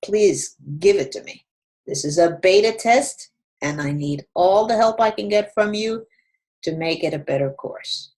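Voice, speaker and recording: A middle-aged woman gives an online Spanish lesson and pronounces drill words with an Ecuadorian Andean accent. Her pace is unhurried and measured, and each word gets its own moment. Between drills she shifts into friendly, chatty encouragement. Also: medium pitch, a little mellow. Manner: slow, deliberate word-by-word modeling, then chatty encouragement. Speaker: Spanish teacher.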